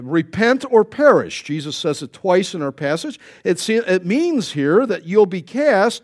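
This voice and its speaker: A man preaching a sermon as pastor, swinging between loud emphasis and quiet asides. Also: on the high side.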